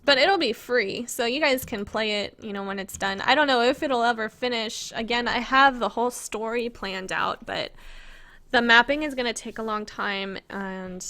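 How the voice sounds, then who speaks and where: A woman's voice: fairly high pitch, pushed and bright. A woman casually chatting on a live stream as she shows her game-making work, giggling and rambling as she reads viewer questions aloud.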